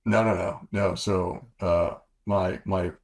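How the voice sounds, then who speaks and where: An older man with a deep, husky voice tells stories as an interview guest. He rambles and corrects himself often as he works through each anecdote. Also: steady tone, slow, a little mellow. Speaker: guest, former fighter pilot. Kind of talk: storytelling interview.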